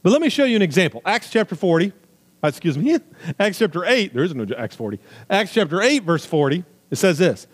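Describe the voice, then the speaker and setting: A man's voice: very animated, a little fast, breathy edge. Emphatic male preacher in a reverberant hall. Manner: emphatic, swings between loud high stresses and low quiet asides; jokey asides with a laugh. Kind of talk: sermon.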